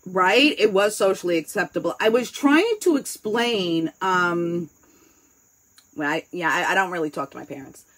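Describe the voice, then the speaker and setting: A woman's voice: lowish voice, normal speed, a bit bright, low-quality recording. A woman with a New York accent chatting casually, candid and rambling, swearing freely as she talks. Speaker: host. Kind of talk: casual chat.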